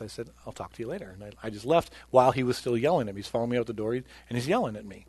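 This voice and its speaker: A male pastor preaching a sermon, telling a personal testimony earnestly and swinging between loud emphasis and quiet. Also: mid-range voice, lively intonation, very fast, hardly any pauses, husky, no echo.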